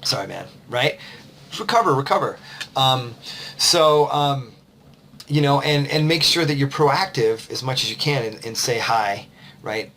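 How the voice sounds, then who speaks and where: Tired coach, casual and rambling. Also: male voice, mid-range voice, measured pace, a bit bright, slight background noise. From United States. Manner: conversational, loose, with fillers and restarts. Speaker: confidence coach. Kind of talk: casual advice vlog.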